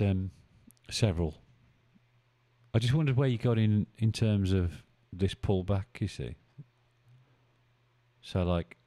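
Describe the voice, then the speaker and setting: His voice sits low and warm as he runs a live stream about trading, talking casually, thinking aloud, and joking around with the people watching.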